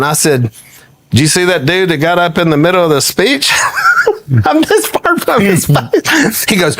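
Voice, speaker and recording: A man's voice: fairly high pitch, normal speed. A man, a guest telling an anecdote in conversation and often laughing as he talks. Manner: animated, laughs often while telling stories.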